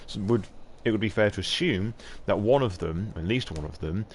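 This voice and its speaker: Low-voiced man chatting on stream. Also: animated, moderate pace, slight background noise. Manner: chatty, swears freely, laughs often. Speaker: live-stream host. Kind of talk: casual live-stream chat.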